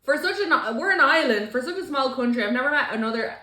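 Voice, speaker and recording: A woman's voice: high voice, fast talker, reverberant. A young Dublin Irish woman co-hosting a podcast, chatting casually and telling stories with lots of swearing and mock-quoting. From Ireland. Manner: swearing, animated storytelling, mock-quoting locals. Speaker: podcast co-host. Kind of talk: casual chat.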